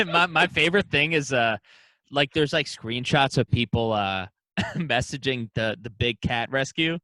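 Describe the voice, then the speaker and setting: A man's voice: medium pitch, unhurried, pushed and bright, no room sound. A man in a casual comedy podcast chat, rambling with restarts and frequent laughs. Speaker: podcast host.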